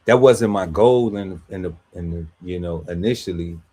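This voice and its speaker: A man's voice: deep voice, normal speed, dark tone, slightly rough. A man on a podcast panel telling a story in casual, slangy chat, laughing often and acting out quotes.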